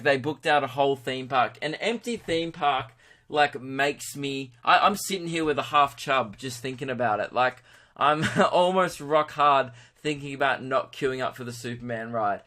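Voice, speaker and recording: A man's voice: medium pitch, fairly bright tone. Man, young adult, Australian accent, podcast host, crude, rambling, self-mocking. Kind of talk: casual podcast monologue.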